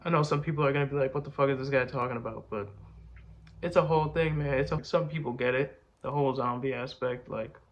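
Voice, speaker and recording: A man's voice: medium pitch, quick pace, dull audio, a little hiss or hum. A young man chatting casually, rambling and boastful, full of slang like bro and man. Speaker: rapper answering fan questions. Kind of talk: casual chat.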